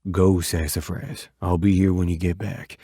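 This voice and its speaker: A male narrator voicing a rugged biker man who talks low and gruff, tender toward his woman. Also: level tone, normal speed, dark tone, dry recording, studio quality. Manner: low, gruff, rough-spoken.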